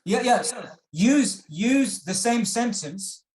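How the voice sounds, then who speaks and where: A man's voice: very high-pitched, expressive, slow pace, a little mellow, roomy sound. A man teaching an online workshop, encouraging, repeating his instructions with frequent ums.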